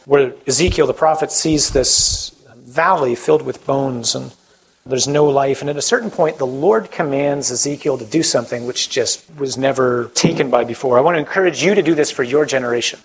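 A man speaking as a priest, giving an animated talk and then leading a prayer, acting out quoted voices as he goes. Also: medium pitch, normal speed, poor audio.

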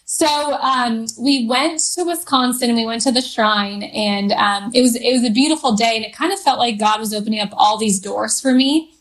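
A woman guest recounts her personal story in a rambling, hesitant way, full of fillers and restarts. She speaks openly and with feeling. Her voice sits somewhat high for a woman. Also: moderate pace, few pauses, poor audio. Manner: openly emotional, candid.

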